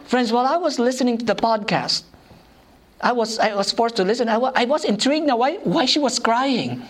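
A woman delivers a sermon through personal anecdotes. She is animated and pokes fun at herself, breaking into laughter often before turning back to her message. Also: fairly high pitch, a little fast. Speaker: preacher.

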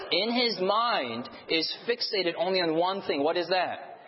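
A man delivers a lively sermon, often throwing questions back at the congregation. His voice sits a bit high for a man. It sounds dull, and a long reverb trails behind it in a big church hall. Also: normal speed, some chatter behind, slight background noise. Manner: lively, quizzes the congregation with call-and-response questions. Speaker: preacher. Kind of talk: sermon with storytelling.

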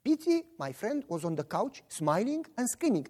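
The speaker is a man preaching with a Romanian accent, his voice high-pitched and his pace moderate. He narrates stories vividly and takes on the voices of his characters.

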